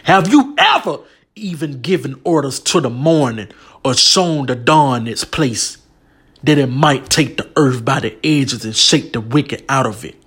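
A man's voice: mid-range voice, lively intonation, unhurried, a bit bright, slightly rough. A man preaching a sermon with emotional, emphatic delivery. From United States.

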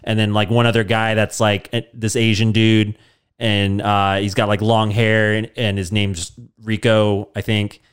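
A man hosting a podcast, telling a rambling, deadpan comic story full of fillers. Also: fairly low pitch, unhurried, smooth. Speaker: podcast host. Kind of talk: casual comedic storytelling.

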